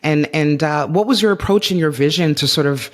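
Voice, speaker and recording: Man, interview host, affirming, encouraging, fairly high voice. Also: fairly quick. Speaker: podcast host. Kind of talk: warm faith-based interview chat.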